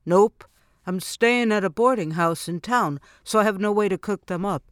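A woman's voice: medium pitch, moderate pace, dry recording, studio quality, lightly acted. A woman voicing a polite, easygoing young male fisherman. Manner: easygoing, courteous.

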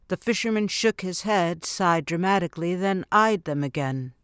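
A woman narrating an audiobook in a steady, clear storytelling manner. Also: fairly low pitch, normal speed, hardly any pauses, dry recording, studio quality. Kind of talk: scripted narration.

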